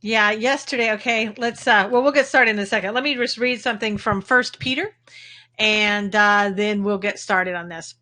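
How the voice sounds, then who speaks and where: A woman's voice: mid-range voice, normal speed, sharp tone. A woman with a Texan accent hosting a casual livestream, chatting and greeting viewers by name as she talks. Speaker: livestream host. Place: home in Texas.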